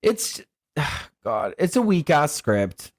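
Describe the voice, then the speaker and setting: A man co-hosting a podcast, chatting loosely with plenty of swearing and laughter. His pitch jumps all over the place, and the sound is dry and close, with no room echo. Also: takes it slowly. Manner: animated and profane, laughs often. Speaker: podcast co-host. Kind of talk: casual chat.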